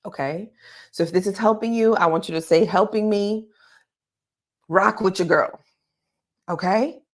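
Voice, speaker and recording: A woman with a lowish voice speaks at a moderate pace, giving live career advice. As a career coach, she talks emphatically and directly to her listeners, frequently checking in with "okay?".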